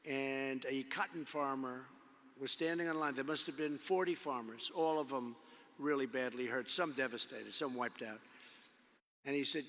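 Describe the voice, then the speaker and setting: A man's voice: mid-range voice, moderate pace, fairly bright tone. Older man giving a rambling arena speech. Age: 70s. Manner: rambling, repetitive, emphatic with superlatives. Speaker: public speaker addressing a convention. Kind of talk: off-the-cuff speech. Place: large indoor convention arena. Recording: long reverb of a big arena.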